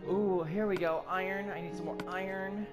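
A let's play gamer narrates live gameplay with constant swearing, lurching between startled yelps and muttered asides. The middling-pitched voice holds a steady tone at normal speed, with clear background music underneath throughout.

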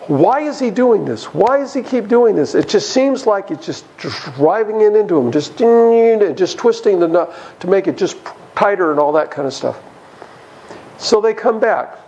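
A man's voice: high voice, poor audio. A man teaching a church Bible study, asking the listeners questions and acting out the characters' lines. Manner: animated, acts out voices of the characters, asks the audience questions. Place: church hall.

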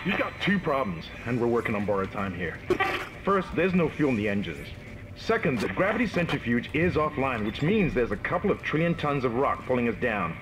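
A man voicing a tense officer barking clipped instructions over game radio, his pitch moving a lot. Static noise sits under his voice. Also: very animated, a little fast, natural voice. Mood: urgent. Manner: clipped, urgent orders. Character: urgent male ship officer on the radio.

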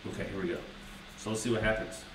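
A man's voice: lowish voice, steady tone, quick pace, noisy background. A man streaming, reading a children's book aloud to his live chat with crude, rambling, mock-outraged asides. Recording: roomy sound from a distant mic.

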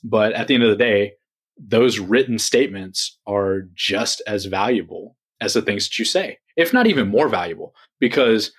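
Man, slightly low voice, casual interview guest, explains at length. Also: expressive, moderate pace, slightly rough. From Texas. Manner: explains at length, often checks in with "right?". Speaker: guest, engineering manager.

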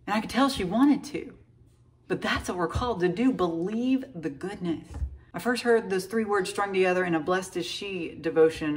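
A young woman talks casually about faith to her viewers, chatty and animated with lots of fillers. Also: on the low side. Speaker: faith vlogger. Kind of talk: casual faith talk to camera.

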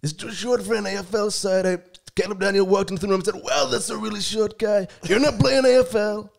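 A man's voice: mid-range voice, slow pace, gravelly, darkish tone. A man in a podcast putting on a blustering, boastful impression of a male politician. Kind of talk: comedic impression in a podcast chat.

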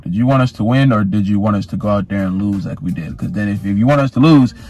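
A man vlogging as a sports fan in a casual rant, animated, repeating and stumbling over his words. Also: lowish voice, fast, a little hiss or hum. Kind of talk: casual ranting vlog.

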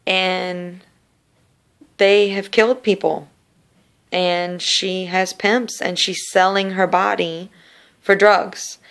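A woman's voice: fairly low pitch, flat delivery, a bit bright, clean tone. A woman sharing a personal faith testimony in an earnest, casual storytelling way, often repeating words. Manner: earnest, repetitive, slow in places.

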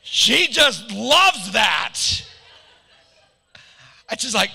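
A middle-aged American pastor delivers a sermon in a high, gravelly voice, slipping into playful joking asides. His tone is very bright and cutting, and it rings with long reverb off a hall. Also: expressive, moderate pace.

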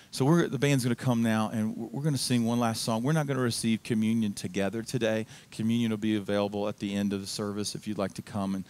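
A man's voice: on the low side, a little mellow. A man preaching a sermon as pastor in a church, in a casual, conversational storytelling manner. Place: church sanctuary.

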